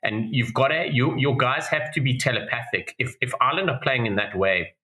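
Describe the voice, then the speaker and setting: A man's voice: mid-range voice, a little fast, sharp tone. A man, co-hosting a podcast and talking through rugby analysis in a rambling way, with many restarts. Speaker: podcast co-host. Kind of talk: casual rugby analysis chat. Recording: roomy echo.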